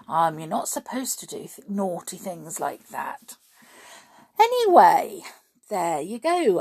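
A woman reads a children's story aloud at an unhurried pace. Her voice rises and falls freely, and she adds chatty asides to the listener. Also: mid-range voice, breathy edge. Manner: expressive, animated, chatty asides.

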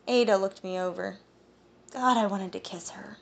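A woman reading a first-person novel aloud as an audiobook narrator, with an even, storytelling delivery. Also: medium pitch, fairly quick, gravelly.

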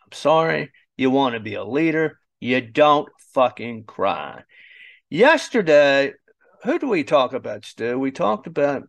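Male host with a gravelly voice and a lively, up-and-down delivery. Blunt and mocking. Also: mid-range voice, measured pace, dry recording. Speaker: show host. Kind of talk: opinionated commentary.

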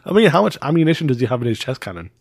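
A man co-hosting a podcast in casual chat, teasing, silly and full of deadpan jokes. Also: mid-range voice, racing, vocal fry, slightly rough. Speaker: podcast co-host.

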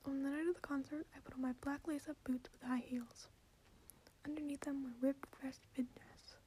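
A woman reading a story in a soft, deadpan whisper, in a whispered ASMR reading style. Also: high-pitched, moderate pace, slight background noise.

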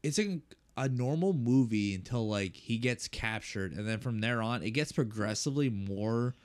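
A young man chats loosely as a podcast co-host, peppering his talk with swearing and filler words. His voice sits at a medium pitch and his delivery stays relaxed and unscripted. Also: normal speed. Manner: loose and profane, lots of fillers. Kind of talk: casual chat.

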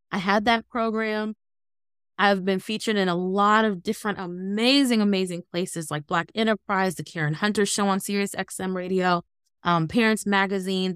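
A woman in her thirties, a guest on an interview, telling her story in an animated, earnest way. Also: mid-range voice, clear, resonant tone, no room sound, studio quality. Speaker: guest, entrepreneur.

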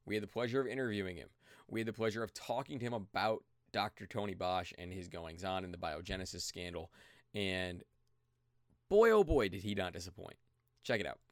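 Low-voiced podcast host with a dry sound. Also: male voice, steady tone, fast, no room sound. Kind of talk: scripted segment intro.

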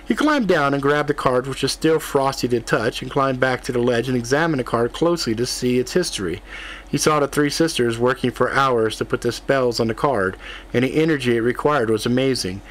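A man narrating a fantasy audiobook in a steady, even reading voice. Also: medium pitch, brisk.

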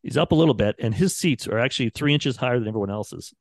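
A man's voice: medium pitch, animated, fast talker, creaky, no room sound, clean studio sound. A man, a radio producer chatting casually on a podcast and acting out quotes from the people in his stories. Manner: rambling storyteller, acts out quotes.

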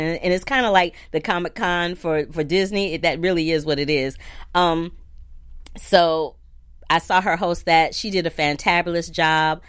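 A woman's voice: fairly low pitch, smooth, no echo, studio quality. A woman hosting a film review show, talking chatty and casual with slang like "y'all" and "girl". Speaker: film critic host.

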